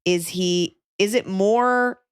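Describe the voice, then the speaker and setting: A woman's voice: mid-range voice, slow, clear, resonant tone, no echo, studio quality. A woman hosting a podcast, giving frank advice in casual chat, often restarting her sentences. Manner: chatty, frank, self-interrupting. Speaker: podcast host.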